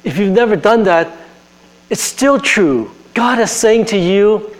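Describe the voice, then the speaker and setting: A man preaching a sermon in an earnest, conversational way, repeating phrases and dropping to a soft hush on tender lines. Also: high-pitched, expressive, unhurried, rough recording. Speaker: pastor.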